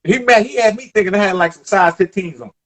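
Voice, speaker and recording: A man in his thirties from the Bronx with a New York accent, telling stories in a casual interview, animated, emphatic and profane. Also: high-pitched, quick pace. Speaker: former basketball player, guest.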